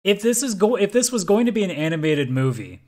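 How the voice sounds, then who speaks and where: A man's voice: sits high, sing-song, a little fast, a little mellow. A man co-hosting a gaming podcast, arguing his opinions emphatically in casual chat. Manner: emphatic, opinionated, argues points at length. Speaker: podcast co-host.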